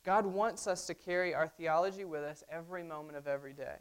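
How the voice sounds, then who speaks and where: Low-voiced woman preaching conversationally. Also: steady tone, fast talker, clean tone. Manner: conversational, frequent "right?" asides to the congregation. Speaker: pastor. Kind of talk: sermon.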